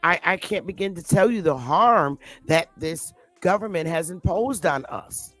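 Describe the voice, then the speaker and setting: Lively intonation marks a lowish-voiced woman speaking unhurriedly over faint music. In her unscripted opinion monologue the commentary vlogger is defiant and combative, blunt, heavily profane and emphatically repetitive.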